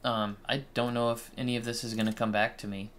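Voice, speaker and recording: A man's voice: medium pitch, flat delivery, fast, a bit bright, slight background noise. A man casually commenting on a game he's playing with friends, laid-back and swearing when startled. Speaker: let's play host.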